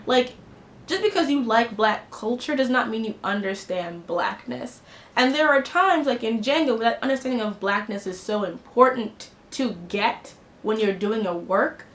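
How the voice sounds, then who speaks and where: A woman's voice: a little high, moderate pace, fairly bright tone. A woman giving an impassioned, blunt film review, talking indignantly in a casual, opinionated way. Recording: echoey room with faint noise.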